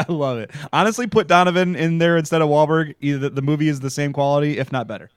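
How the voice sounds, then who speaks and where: A man co-hosting a casual podcast, talking about a TV show with friends, animated and laughing often. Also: fast talker, clear, resonant tone, no echo, studio quality. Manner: animated, laughing, jumps into high voices for quotes. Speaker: podcast co-host.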